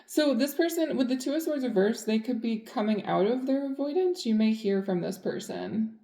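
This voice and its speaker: A woman's voice: fairly high pitch, lively intonation, normal speed, few pauses, mellow, roomy sound. A woman giving a casual tarot reading, chatty and blunt, full of fillers. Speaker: tarot reader.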